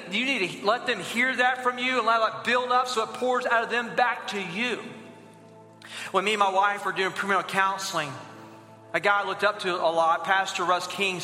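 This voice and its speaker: A man's voice: high-pitched, bright, forceful tone. A young man preaching a sermon as pastor and leading the congregation in call-and-response. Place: church auditorium. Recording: echoey hall with long reverb.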